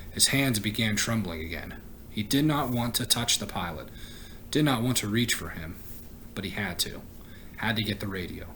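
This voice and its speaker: A man, a teacher, reading a novel aloud in a steady voice, with the odd stumble and self-correction. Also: on the low side, a little hiss or hum, rough recording.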